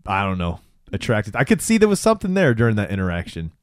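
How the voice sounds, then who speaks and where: A man's voice: lowish voice, fast, dry recording, studio quality. Laid-back man recapping a show. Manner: relaxed, agreeing, narrating scenes with quotes. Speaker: podcast co-host recapping a show. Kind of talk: casual chat.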